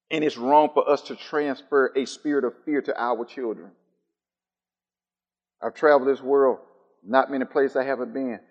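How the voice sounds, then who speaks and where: A man preaching a sermon. He swings between soft, low musing and loud, high calls, and he repeats his phrases in a steady rhythm. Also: big-room sound, dull audio.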